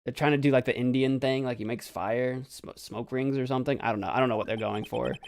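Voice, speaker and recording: A man's voice: mid-range voice, fairly even intonation, fast talker, gravelly, a little mellow. A young man hosting a casual let's play, rambling and self-mocking as he comments on the game.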